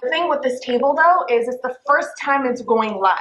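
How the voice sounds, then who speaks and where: A woman's voice: sits high, expressive, normal speed, fairly bright tone, roomy sound, a little hiss or hum, rough recording. A woman hosting a casual chat show from a home dining table, playful and sarcastic, laughing often. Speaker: host.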